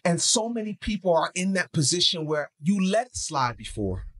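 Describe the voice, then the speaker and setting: A man with a slightly high voice talks on a faith podcast, shifting between slow, emphatic preaching and quick, slangy storytelling. His delivery is animated and conversational. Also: husky. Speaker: podcast co-host.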